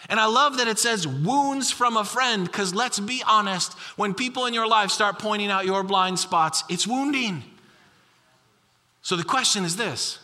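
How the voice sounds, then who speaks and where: A man's voice: high-pitched, a little slow, sharp tone, big-room sound. A middle-aged male pastor preaching a sermon, telling stories with acted quotes and repeating key lines. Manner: storytelling with acted quotes and repetition.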